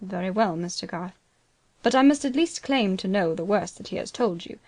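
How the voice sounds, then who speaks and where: An anxious, proud older banker, read by a woman, talking in a hurried, pleading way. His voice sits at a middle pitch in a storybook reading. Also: animated, darkish tone. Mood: tense.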